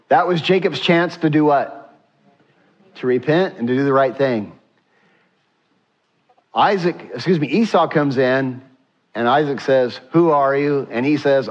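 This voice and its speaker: Animated male pastor, slow emphatic delivery. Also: medium pitch, dull audio. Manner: animated, slows down for emphasis, asks rhetorical questions. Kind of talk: sermon.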